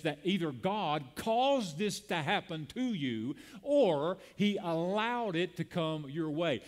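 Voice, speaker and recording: Impassioned man preaching a sermon. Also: high voice. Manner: preaching with call-and-response and rising emphasis. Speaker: pastor. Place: church sanctuary.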